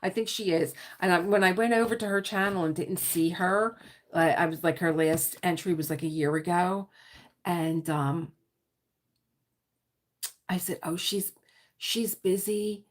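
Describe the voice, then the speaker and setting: Woman, South Philly accent, lowish voice, chatty, rambling livestream host. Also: fairly even intonation. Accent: South Philadelphia. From Philadelphia. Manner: chatty and rambling, quick asides and laughter. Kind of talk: casual livestream chat.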